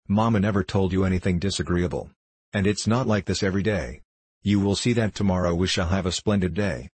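A man with a husky voice reading a cheerful, easygoing young male painter in a light, teasing manner. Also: low-pitched, a little fast, a little mellow, no room sound.

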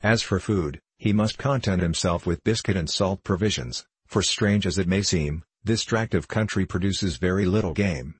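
A man reading a classic travel memoir aloud as an audiobook narrator, in a measured, even storytelling manner. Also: deep voice, breathy edge, no room sound. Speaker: audiobook reader.

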